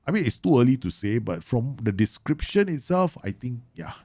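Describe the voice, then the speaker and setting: A man live-streaming a football management game, chatting casually with viewers and yelling at his players. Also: medium pitch, moderate pace, no room sound, clean studio sound. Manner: animated, bursts into loud yells and laughs at his players; chatty, answers viewer questions with many fillers.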